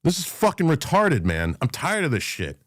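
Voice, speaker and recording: A man's voice: a little high, wildly swooping pitch, moderate pace, no room sound. A man hosting a live talk room, ranting in an angry, profane, emphatic way and repeating himself as he drives his points home. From New York, USA. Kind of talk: heated live chat rant.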